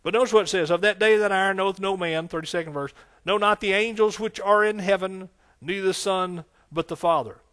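A man's voice: high voice, a little fast, hardly any pauses, a bit bright. A man preaching a folksy, conversational sermon, with frequent amens and hallelujahs. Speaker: pastor.

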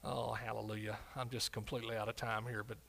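A man preaching a sermon as pastor, swinging between loud declarations and quiet asides, often calling out for an amen. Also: fairly low pitch, level tone, quick pace, gravelly.

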